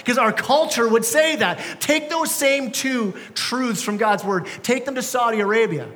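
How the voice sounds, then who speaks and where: A man's voice: very high-pitched, measured pace, a bit bright. A young man preaching a sermon as pastor, talking conversationally with casual slang and frequent restarts. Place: church sanctuary. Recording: church hall with long reverb.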